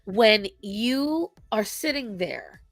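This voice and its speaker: A podcast co-host with a mid-range female voice chats casually about pet behavior, opinionated and emphatic, stretching out words with lively intonation and acting out quotes to make her points. There's no echo, just faint music in the background.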